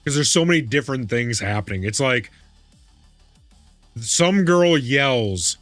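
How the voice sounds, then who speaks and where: A male streamer chatting casually while gaming, with a lively, swinging pitch and an unhurried, drawn-out delivery. He reacts excitably, laughing and cursing. His voice is close and dry, with faint music playing underneath. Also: dry recording. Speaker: live streamer.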